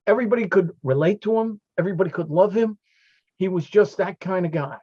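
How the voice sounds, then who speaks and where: A fire captain speaking as a guest on a video call panel, paying heartfelt tribute to a late friend through stories. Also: male voice, high voice, quick pace, husky, no room sound, muffled recording. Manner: storytelling, heartfelt, quoting friends.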